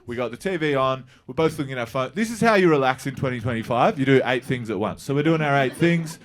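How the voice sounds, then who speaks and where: A man's voice: medium pitch, expressive, fast talker. A man, telling a rambling, profane stand-up story to a live audience. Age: 30s. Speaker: stand-up comedian. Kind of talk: stand-up set. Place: comedy venue with live audience.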